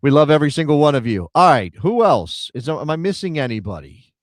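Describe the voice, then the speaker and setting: A man's voice: a little high, big pitch swings, brisk, no room sound, clean studio sound. A man co-hosting a casual soccer live stream, chatty and rambling as he reads out viewer names. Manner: rambling, chatty, thinks aloud while reading chat names. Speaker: soccer show co-host.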